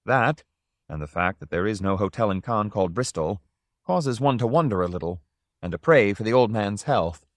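A man narrating a story in a measured, even storytelling manner. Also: on the low side, no echo.

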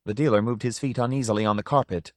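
Guy reading a story out loud, fairly low voice, super dry close sound, measured. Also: steady tone, no room sound. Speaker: narrator. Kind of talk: scripted story narration.

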